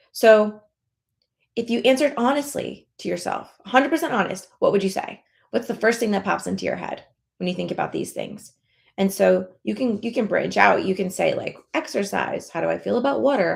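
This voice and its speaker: A woman's voice: mid-range voice, creaky, a little mellow. A woman weight loss coach talking casually in a members-only live session, encouraging listeners and acting out their inner thoughts.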